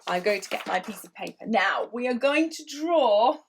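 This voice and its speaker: A woman's voice: fairly high pitch, expressive, moderate pace, slight background noise. A woman leading a children's draw-along lesson, encouraging and playful, with little voiced sound effects. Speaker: children's drawing tutor.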